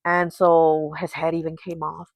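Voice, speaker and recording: This tarot channel host tells a folk tale casually, chatting away and filling it with "you know" and "like." Her voice sits low with vocal fry, and she delivers it flatly and without hurry. The recording is dry and low in quality.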